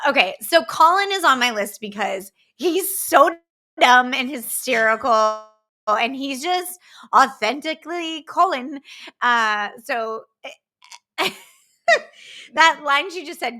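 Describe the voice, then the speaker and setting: A woman co-hosting a podcast in casual chat, giggling often and acting out movie lines in quick voices. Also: high-pitched, sharp tone. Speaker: podcast co-host.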